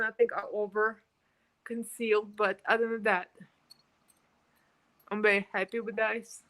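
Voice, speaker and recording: A woman's voice: medium pitch, level tone, normal speed, long pauses, a bit bright, low-quality recording. A woman hosting a casual makeup livestream, chatty and laughing often as she talks to her viewers. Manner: chatty, laughs often, coos baby talk to her pet. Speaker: beauty livestream host.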